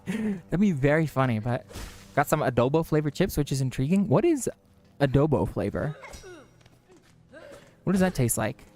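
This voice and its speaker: Young man rambling through a casual stream. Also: medium pitch. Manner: rambling, chatty, self-mocking. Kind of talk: casual chat while gaming.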